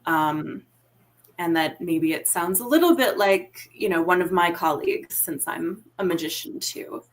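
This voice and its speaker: A woman's voice: lowish voice, expressive, a little slow. A woman playing a tabletop game, politely and tentatively explaining what her character does. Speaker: player. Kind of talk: tabletop role-play chat.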